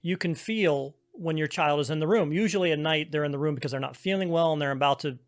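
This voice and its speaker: A man's voice: a little high, fast talker. A man co-hosting a podcast, talking casually and asking long, rambling questions. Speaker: podcast co-host.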